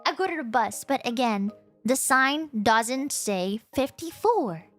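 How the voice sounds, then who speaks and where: A young woman streamer telling a story casually, animated and exclaiming as she acts out her own reactions. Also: high-pitched, slow, no echo, faint music behind.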